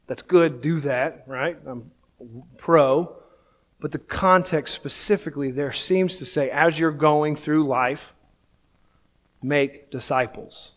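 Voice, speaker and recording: A man's voice: on the high side, fairly even intonation, a little slow. A man in his thirties, a pastor, preaching a sermon in a casual, self-deprecating storytelling way, often checking in with "right?".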